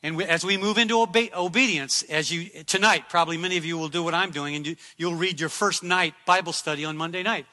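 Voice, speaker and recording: A man's sermon comes fast with few pauses, his high, very bright voice pressing the same phrases repeatedly. Long hall reverb places him in what seems to be a church sanctuary.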